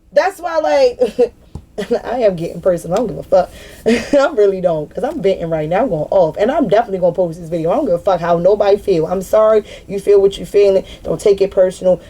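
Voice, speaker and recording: A woman in her thirties speaks straight to the camera in an unscripted spiritual vlog. She vents bluntly and swears freely, circling back over her points. Her voice is warm and mellow at a middle pitch. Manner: blunt and profane, repeats herself for emphasis. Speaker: spiritual vlogger. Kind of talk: unscripted venting monologue.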